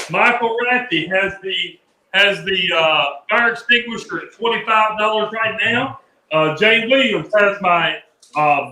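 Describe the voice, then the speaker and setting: A man hosting a live radio auction, calling out bids loudly and joking with callers. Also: high-pitched, reverberant, rough recording. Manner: energetic, loud, joking.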